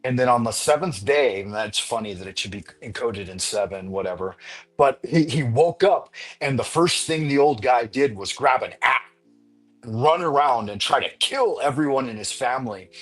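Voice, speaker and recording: A man's voice: medium pitch, expressive, moderate pace, faint music behind. A man hosting a live stream panel, talking in a rambling, playful way with many restarts. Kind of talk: casual chat.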